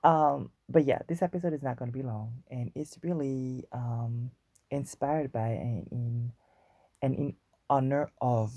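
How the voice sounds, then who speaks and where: A woman with a Guadeloupean accent talks slowly in a chatty, wandering way, hosting her own podcast. Her voice is gravelly with a husky edge. The sound is dry and close. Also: rumbling low, mellow, dry recording. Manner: chatty, rambling, self-aware about being wordy. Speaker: podcast host. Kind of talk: solo podcast chat.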